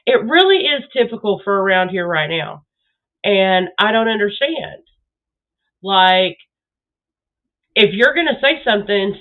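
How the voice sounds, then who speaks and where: Blunt Texan woman, tinny phone-like sound. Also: mid-range voice. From Southeast Texas. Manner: blunt, exasperated, swears freely. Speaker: live streamer. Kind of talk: casual live-stream rant.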